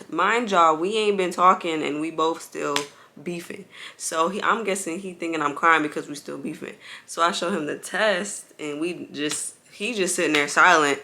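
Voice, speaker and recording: A young woman vlogger with a low, bright, forceful voice tells viewers her story while bouncing on an exercise ball at home with a baby. She's chatty and casual, calling them y'all and filling her talk with "like."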